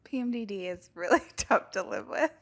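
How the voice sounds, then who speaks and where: A woman's voice: medium pitch, wildly swooping pitch, normal speed, creaky. A young woman co-hosting a casual podcast chat, talking candidly with frequent laughs and lots of "like" fillers. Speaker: podcast co-host.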